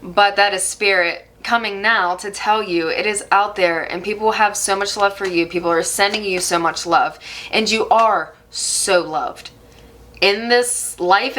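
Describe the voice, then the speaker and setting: Woman tarot reader, bright tone, gentle reassuring delivery. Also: mid-range voice, slight background noise. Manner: soft, reassuring, reflective. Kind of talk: channeled tarot reading.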